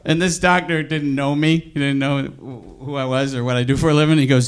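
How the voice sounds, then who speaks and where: A middle-aged stand-up comedian telling a story live, dropping to low mumbles and then breaking into high strained yelps. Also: male voice, normal speed, vocal fry, few pauses, a bit bright. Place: comedy club stage. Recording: live club recording with crowd noise. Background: audience laughter.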